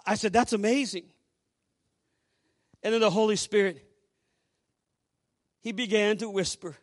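A man with a high voice, preaching as a pastor. He tells a story to a congregation, dropping to hushed asides and then rising to loud exclamations. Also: fairly even intonation, measured pace. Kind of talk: sermon storytelling.

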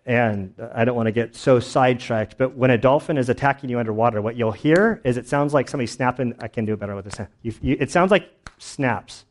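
A man's voice: medium pitch, fast talker, few pauses. A man preaching a sermon in a casual, conversational way, telling stories with lots of fillers and restarts. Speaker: pastor.

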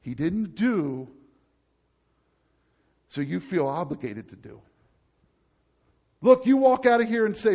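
A male pastor preaching a sermon emphatically, moving between loud urgent passages and low, quiet ones. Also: very animated, moderate pace, pauses often, highs cut off.

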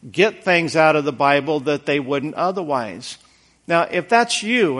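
A man's voice: on the high side, fairly bright tone. A man preaching a conversational sermon in an earnest, folksy way, repeating words for emphasis.

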